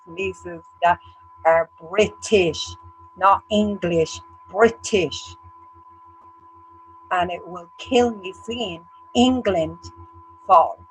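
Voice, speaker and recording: A woman's voice: on the low side, slight background noise, low-quality recording. An Irish woman co-hosting a casual livestream chat, ranting bluntly with heavy swearing. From Ireland. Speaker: co-host.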